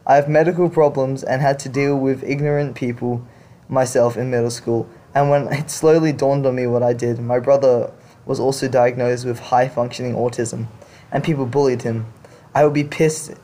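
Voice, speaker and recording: A man's voice: medium pitch, fairly even intonation, moderate pace, dark tone. A man hosting a show, reading confession stories aloud and reacting to them in blunt, casual talk with some swearing. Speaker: podcast host reading stories.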